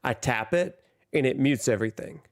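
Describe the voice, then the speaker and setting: A young man casually commentating over a music video on a livestream, excitable and full of asides and fillers. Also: mid-range voice, normal speed. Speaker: streamer reacting to a music video.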